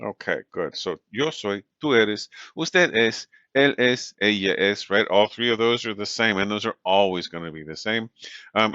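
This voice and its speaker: A man giving a recorded lecture as a language instructor, relaxed and full of fillers, checking in with "right?" often. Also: low voice, no room sound. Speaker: Spanish instructor. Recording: dull, lo-fi recording.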